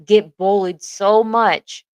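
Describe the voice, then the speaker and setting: A woman's voice: mid-range voice, steady tone, slow pace, a little mellow, clear, resonant tone, dry recording, low-quality recording. A woman with a mid-range voice talks emphatically on a podcast, circling back to the same point again and again. Her voice is recorded close and dry. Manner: emphatic, repeats herself, talks in bursts. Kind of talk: casual chat.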